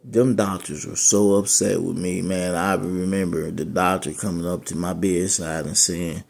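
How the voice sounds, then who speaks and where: A man's voice: deep voice, steady tone, normal speed, vocal fry, hardly any pauses, darkish tone. A man, a dialysis patient, telling his own story of being turned away from care, rambling and repeating himself, frustrated and aggrieved. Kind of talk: personal testimony.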